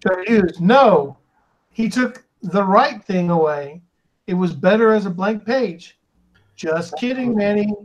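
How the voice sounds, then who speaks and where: A man's voice: high-pitched, animated, a little slow, highs cut off. A man hosting a casual live stream, reading viewer comments aloud and stumbling over the names.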